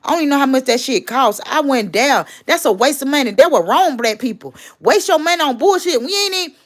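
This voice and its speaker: A woman's voice: sits high, a little fast. A woman, casually ranting and gossiping on a livestream, blunt and profane. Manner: blunt, profane, loudly animated.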